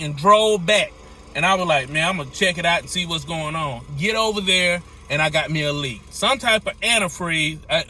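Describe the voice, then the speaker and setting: A man, a truck driver telling a story in a lively, repetitive way with folksy slang. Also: high-pitched. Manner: animated, repeats phrases, folksy slang. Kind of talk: storytelling to camera.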